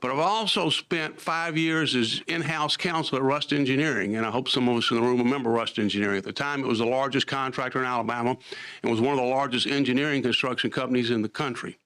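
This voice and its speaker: A man's voice: mid-range voice, steady tone, quick pace, a bit bright, smooth. A man, a lawyer giving formal testimony at a committee hearing and explaining emphatically.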